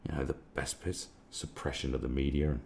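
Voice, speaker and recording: Gravelly low-voiced man ranting. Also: little pitch movement, brisk, a little mellow, a little hiss or hum. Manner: crude, sarcastic, swears often. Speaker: live stream host. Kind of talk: casual ranting commentary.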